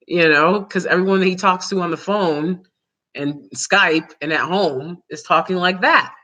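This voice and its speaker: A woman hosting a vlog, giving casual opinion commentary in a rambling way, full of fillers and quick laughs. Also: lowish voice, sharp tone. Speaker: vlog host.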